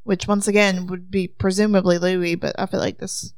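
A woman's voice: medium pitch, level tone, fairly quick, a little mellow, dry recording. A woman who teaches, talking through a mystery game with friends, asking questions and thinking aloud. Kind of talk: casual group chat.

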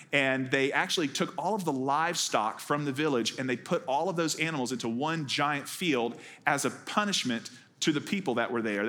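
A man, an executive pastor, delivering a sermon in a relaxed, conversational way, telling stories with wry humor. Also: on the high side. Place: church.

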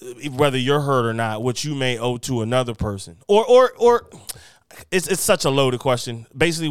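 A man's voice: medium pitch, clear, resonant tone, no echo, studio quality. A man hosting a casual podcast interview, asking long, thoughtful, searching questions. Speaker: podcast host.

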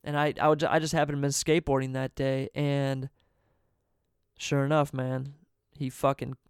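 A man's voice: medium pitch, flat delivery, moderate pace, clear, resonant tone, dry recording, studio quality. A man casually telling a story in a profane, laid-back way, laughing between sentences and dropping "man" often.

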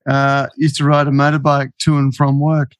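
A man hosting a casual chat, relaxed and easy. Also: mid-range voice, normal speed, no echo.

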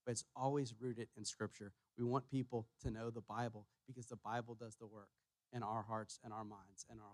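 A man preaching a sermon as pastor, emphatic, repeating his key phrases and pushing louder on each point. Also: mid-range voice, no room sound. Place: church sanctuary.

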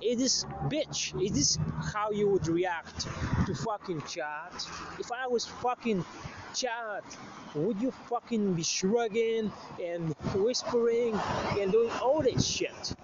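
Speaking slowly in a high voice, this male show host rambles through a story, swearing crudely and restarting many times in a casual monologue. There's background noise, and the lo-fi audio is a little muffled.

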